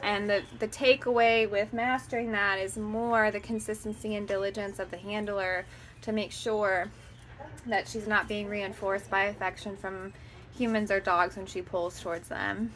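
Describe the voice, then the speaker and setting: A woman dog trainer calmly explaining puppy training, methodical and often pausing to hesitate. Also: mid-range voice, slight background noise. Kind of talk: instructional explanation.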